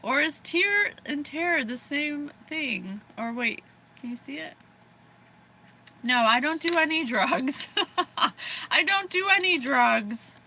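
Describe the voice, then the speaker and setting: American woman psychic, giggly and rambling, bright high voice, unhurried delivery. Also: expressive, a little hiss or hum. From USA. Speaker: psychic reader. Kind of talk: casual livestream reading.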